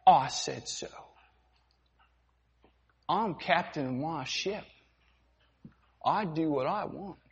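A man's voice: a little high, takes it slowly, long pauses. A man playing a brutish, swaggering slave-ship sailor who taunts and threatens, in a dramatic demonstration during a sermon. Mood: sneering. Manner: taunting, threatening, calls people mate and buddy. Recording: dull sound, long hall reverb.

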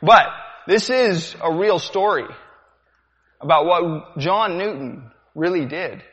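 A man's voice: on the high side, slow pace, fairly bright tone. A man preaching a sermon, asking rhetorical questions and repeating them for effect. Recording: dull sound, long hall reverb.

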